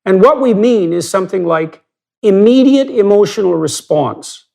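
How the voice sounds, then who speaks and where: A man's voice: high-pitched, animated, normal speed, creaky, warm tone. A man hosting a long-form podcast conversation, talking emphatically and building his argument step by step with rhetorical questions. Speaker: podcast host.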